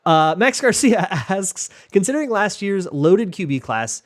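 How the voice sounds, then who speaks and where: A man's voice: high-pitched, very animated, unhurried. A man hosting a football talk show, answering listener questions in a loose, joking way with lots of fillers and restarts. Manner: chatty, jokey, many fillers and restarts. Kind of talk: casual chat.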